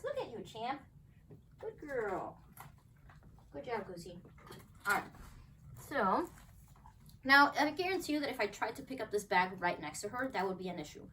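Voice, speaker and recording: A woman with a slightly high, bright, forceful voice explains a dog-training demo at home, praising her dogs in upbeat bursts. Her voice is captured from a distance with faint background noise.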